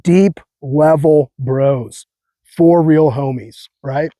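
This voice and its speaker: Young man, higher voice, earnest casual faith talk, slangy, dry close sound. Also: extremely slow, dark tone, no echo. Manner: earnest, fired-up, slangy, repeats phrases. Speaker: host.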